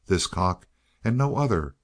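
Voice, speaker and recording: A man's voice: low-pitched, lively intonation, unhurried. A man voicing a grumbling, blustering peasant man in a storybook reading, with a demanding manner. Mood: gruff.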